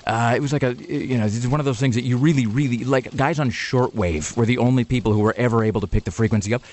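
A man's voice: medium pitch, quick pace, a little mellow. A man hosting a talk radio show, telling rambling, sardonic stories in casual banter. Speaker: radio host.

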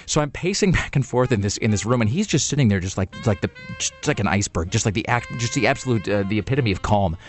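A man hosting a radio show tells a loose, meandering story in the studio, talking at a rapid clip. His voice sits a little low, and he keeps restarting his sentences and filling gaps with "you know." Faint music plays behind him. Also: animated. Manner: rambling with many restarts and fillers. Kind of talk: casual storytelling on air.

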